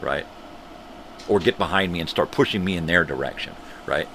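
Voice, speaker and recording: A man's voice: sits low, moderate pace, pushed and bright, slight background noise. An older man hosting his own morning show, ranting bluntly and profanely in a casual monologue. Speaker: host of a morning livestream show.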